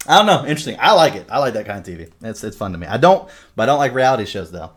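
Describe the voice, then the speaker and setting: A man co-hosting a podcast in casual chat, a profane, rambling storyteller who shouts out quotes when retelling. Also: medium pitch, big pitch swings, very fast. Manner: loud acted quotes in retellings. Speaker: podcast co-host.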